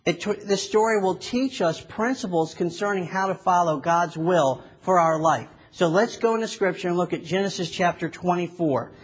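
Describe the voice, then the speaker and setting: A man delivers a sermon with earnest, measured phrasing. His voice is husky and sits a little high. He talks like a preacher, prayerful and steady.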